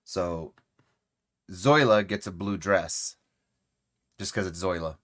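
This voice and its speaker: A man with a low-pitched voice speaks slowly while hosting a casual crochet livestream. He rambles in a relaxed, friendly way, uses many fillers, and greets viewers by name.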